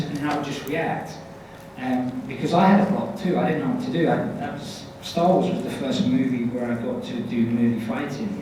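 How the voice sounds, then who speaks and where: A man from Scotland with a London accent, a convention panel guest telling stories animatedly and mocking himself. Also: mid-range voice. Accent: London English with Scottish traces. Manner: animated, self-mocking, restarts often. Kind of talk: casual Q&A storytelling. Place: large convention hall. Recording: echoey hall, distant mic, noisy.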